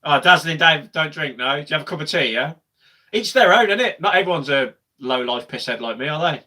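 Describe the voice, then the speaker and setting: A young man streaming a live football watch-along, chatting casually with viewers and erupting into shouts when his team attacks. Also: on the high side, big pitch swings, normal speed. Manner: chatty, swings to loud shouting at goals.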